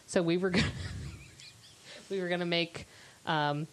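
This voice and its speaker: A woman co-hosting a casual comedy podcast, cracking playful deadpan jokes and laughing often. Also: on the low side, unhurried, a little hiss or hum. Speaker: podcast co-host.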